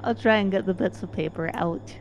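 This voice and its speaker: A woman playing in a tabletop role-playing game, talking haltingly with repeated words. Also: mid-range voice, a crowd in the background, rough recording. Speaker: player. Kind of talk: speaking in character at a tabletop game.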